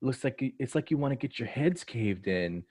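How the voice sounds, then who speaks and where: Man voicing a brutal fighter woman, menacing, fast taunts, higher pitch. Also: lively intonation, a little mellow, slightly rough.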